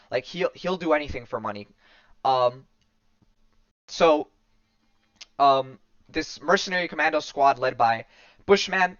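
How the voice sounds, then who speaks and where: A man's voice: mid-range voice, fairly bright tone, no echo. Rambling man on a dull, dry recording. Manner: rambling, many fillers and restarts. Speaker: podcast host. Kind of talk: casual chat recapping a comic.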